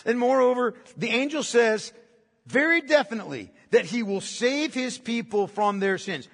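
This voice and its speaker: Emphatic high-voiced pastor preaching. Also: male voice, lively intonation, normal speed, gravelly, in a large hall. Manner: emphatic, repeats key phrases, asks rhetorical questions. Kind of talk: sermon.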